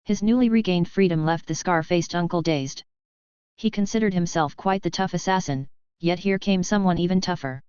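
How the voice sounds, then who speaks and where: Lowish smooth lady reading an audiobook, even and measured, dry slightly muffled sound. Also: dry recording. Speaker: audiobook narrator. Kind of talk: scripted novel narration.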